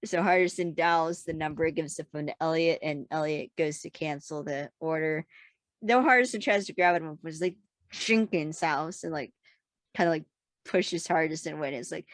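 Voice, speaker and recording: Lower-voiced woman recapping a TV episode. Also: normal speed, no room sound. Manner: retells scenes with laughing asides and acted quotes. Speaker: podcast co-host. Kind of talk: casual recap chat.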